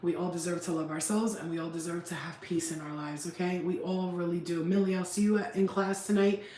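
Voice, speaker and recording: A woman's voice: fairly low pitch, a little fast, roomy sound, far from the mic, a little hiss or hum, rough recording. A woman chatting casually on a livestream, blunt and profane, laughing often and acting out quotes in other voices. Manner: animated, acts out quotes. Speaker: spiritual healing vlogger.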